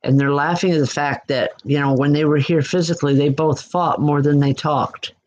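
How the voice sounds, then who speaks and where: A woman giving live online psychic readings in a gentle, reassuring way, often pausing and restarting her sentences. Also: low voice, steady tone, muffled recording. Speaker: psychic medium. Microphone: computer mic.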